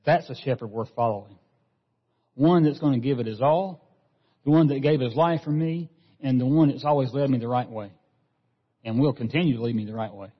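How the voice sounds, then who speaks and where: A man's voice: mid-range voice, a little fast, husky. A man preaching a sermon as pastor, earnest, often repeating a word as he restarts a phrase. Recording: dull lo-fi sound with long hall reverb.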